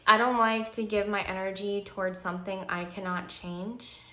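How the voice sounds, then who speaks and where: Woman, 30s, vlogger; emphatic, heated storytime delivery, bright tone, recorded in an echoey room. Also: mid-range voice, fairly even intonation, normal speed. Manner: heated, emphatic venting with many fillers. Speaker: pharmacy technician and nursing student. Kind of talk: candid vlog storytime.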